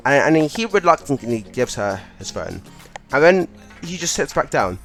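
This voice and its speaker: A man's voice: medium pitch, sing-song, moderate pace, vocal fry, fairly bright tone, soft background music. A young man casually telling a funny school story, laughing as he goes. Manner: chatty, laughing, lots of "like".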